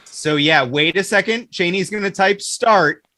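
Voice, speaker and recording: A man appearing as a guest, teasing the others in relaxed casual chat. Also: sits high, unhurried, no echo, clean studio sound. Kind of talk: casual live-stream chat.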